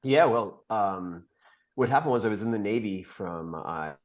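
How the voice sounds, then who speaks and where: A middle-aged man, a podcast guest, telling a long personal story in an earnest, halting way with many fillers. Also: lowish voice, animated. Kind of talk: storytelling interview. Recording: dull lo-fi podcast audio.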